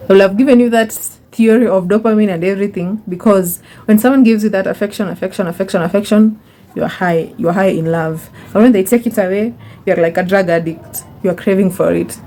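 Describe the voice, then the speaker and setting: Young woman, vlog host, warm mellow tone, chatty and repetitive, mid pitch. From Kenya. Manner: chatty, repeats words for emphasis, calls viewers honey. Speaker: YouTuber. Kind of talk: casual advice monologue.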